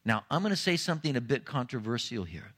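Man preaching an animated sermon. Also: quick pace. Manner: animated preaching, swinging between soft low asides and raised emphatic lines. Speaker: pastor.

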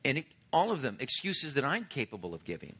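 A man's voice: mid-range voice, wildly swooping pitch, fast, pushed and bright, slightly rough. A man in his fifties preaching a sermon, retelling scripture in an earnest, conversational way. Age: 50s. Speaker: pastor.

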